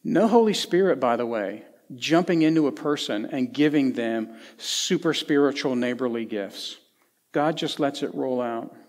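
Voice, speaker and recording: A middle-aged man from Tennessee, preaching a sermon in a conversational storytelling way with folksy asides, swinging between lively and hushed. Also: medium pitch, moderate pace. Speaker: pastor. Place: church sanctuary. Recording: long church hall reverb.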